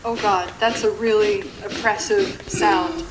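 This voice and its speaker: A woman's voice: medium pitch, fairly even intonation, unhurried, background noise. A woman giving casual, joking let's play commentary, cursing now and then while she plays. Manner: chatty, joking, swears casually. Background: game music.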